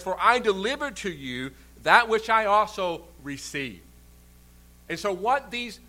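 A man's voice: high-pitched, pushed and bright. A man preaching a sermon in an earnest, emphatic way, stretching out key words for stress. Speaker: pastor.

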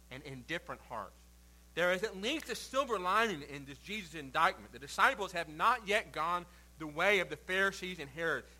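A male pastor preaching a sermon, reading scripture aloud and then explaining it with swings between quiet and forceful emphasis. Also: a little high, poor audio. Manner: reads scripture then preaches with shifting loud and soft emphasis.

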